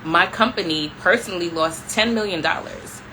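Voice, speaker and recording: Bright, animated young woman vlogger. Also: fairly low pitch, normal speed, slight background noise, rough recording. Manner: animated, peppered with "like", addresses viewers as y'all. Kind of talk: casual storytelling chat.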